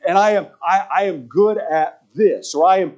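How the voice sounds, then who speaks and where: A man's voice: high-pitched, normal speed, a little mellow, highs cut off. A man preaching a sermon, telling stories with lots of repetition and stumbling restarts. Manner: storytelling with repetition and frequent stammered restarts.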